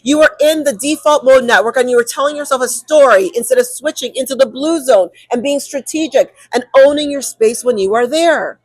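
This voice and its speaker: A woman co-hosting a podcast, talking emphatically and acting out quick inner monologues. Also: high-pitched, no room sound, poor audio. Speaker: co-host. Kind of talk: animated podcast conversation.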